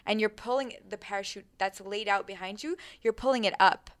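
A young woman chatting casually, telling a lively story full of fillers and acted-out thoughts. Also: mid-range voice, a little fast, no room sound. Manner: animated, many fillers, acts out her own thoughts.

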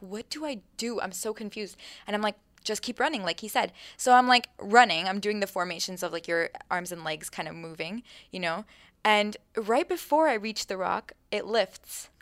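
A young woman chatting casually, telling a lively story full of fillers and acted-out thoughts. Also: mid-range voice, normal speed, no room sound. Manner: animated, many fillers, acts out her own thoughts.

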